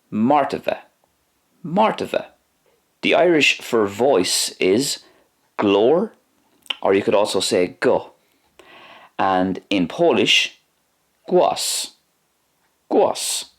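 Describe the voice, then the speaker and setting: A man's voice: on the low side, a bit bright. A man teaching a language lesson, pronouncing words carefully and repeating each one.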